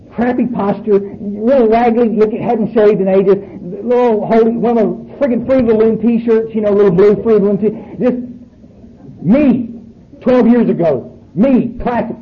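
A man, speaking bluntly and profanely to a room full of people at a recovery meeting. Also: sits high. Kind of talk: speaking to an audience. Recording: muffled recording with faint noise.

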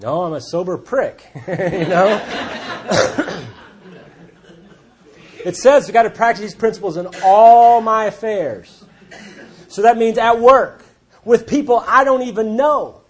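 A man's voice: sits high, animated, takes it slowly, pauses often. A man speaking to a recovery group, telling stories in a plainspoken, folksy and blunt way. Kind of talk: storytelling talk to a recovery group.

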